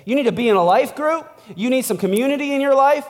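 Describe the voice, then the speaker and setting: A man's voice: extremely high pitch, animated, quick pace, hardly any pauses, big-room sound. A man preaching as a pastor in a casual, conversational sermon, chatty and laughing, tossing in "like" and "right?" as he goes. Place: church.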